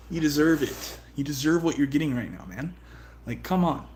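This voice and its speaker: A man's voice: a little high, lively intonation, normal speed, darkish tone, slight background noise. Profane, rambling young male streamer. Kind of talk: casual livestream chat.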